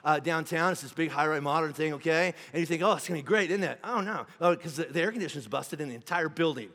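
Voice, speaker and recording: A man pastor preaching a sermon, telling a comic story with animated swings between loud outbursts and hushed asides. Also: fairly high pitch. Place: large church auditorium. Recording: long hall reverb.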